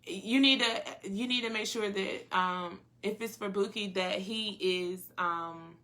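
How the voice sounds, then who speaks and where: A woman from North Carolina with a Southern accent, co-hosting a podcast in a relaxed, casual chat and laughing often. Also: medium pitch. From North Carolina, USA. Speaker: podcast co-host.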